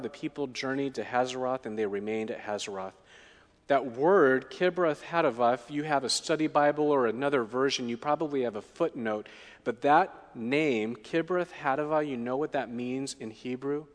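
Preaching man in a reverberant hall. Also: mid-range voice. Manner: conversational preaching, frequent "right?" tags, dramatic voicing of quotes. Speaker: pastor. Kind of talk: sermon.

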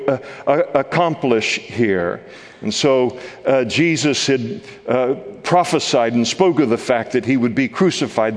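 A man teaching through a Bible passage verse by verse, earnest and halting, with many filler sounds. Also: medium pitch, in a large hall.

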